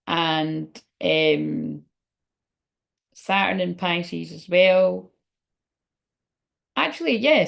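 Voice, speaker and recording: A woman's voice: fairly low pitch, creaky. A young adult woman giving a casual, rambling livestream card reading as a spiritual reader. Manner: chatty and rambling.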